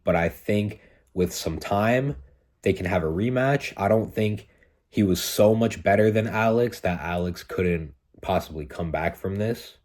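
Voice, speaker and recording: Male host, low voice, casual conversational analysis, circles back to his points. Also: a little slow, darkish tone. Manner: conversational, repeats points, frequent um and like. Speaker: fight breakdown host.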